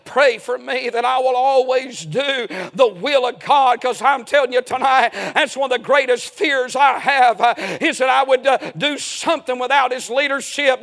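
Pastor guy, really high voice, folksy and emphatic preaching in church. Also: fairly bright tone. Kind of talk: sermon.

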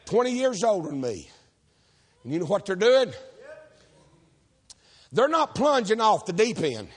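A man preaching, folksy and shouting, calling on the congregation for amens. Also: high-pitched, sing-song, unhurried, breathy edge. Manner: folksy, shouting, calls for amen. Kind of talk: fiery preaching with stories. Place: church service.

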